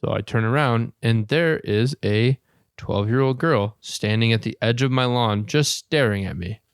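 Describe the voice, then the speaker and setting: A man's voice: medium pitch, normal speed, clear, resonant tone, no room sound, studio quality. A man co-hosting a podcast, telling a long crude story casually and laughing often. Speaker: podcast co-host.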